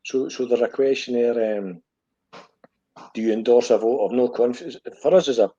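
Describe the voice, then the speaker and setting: A man's voice: mid-range voice, moderate pace, mellow, husky. A middle-aged man with a Glasgow accent, hosting a podcast in blunt, sweary football chat and tagging his lines with "eh?". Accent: Scottish, Glaswegian. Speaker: podcast host. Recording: dull lo-fi audio.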